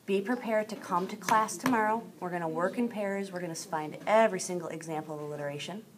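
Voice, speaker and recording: A woman's voice: on the low side, fast, crowd noise. A woman teacher giving a recorded lesson, explaining step by step and speaking straight to her students.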